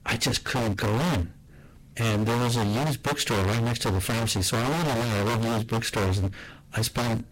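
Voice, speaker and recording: Man, lowish voice, soft, reflective, low-key, personal storytelling. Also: poor audio.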